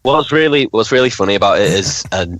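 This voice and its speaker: A man's voice: lowish voice, animated, quick pace, a bit bright, dry recording, rough recording. A man talking as a guest on a movie podcast, blunt and swearing for emphasis. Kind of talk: casual chat.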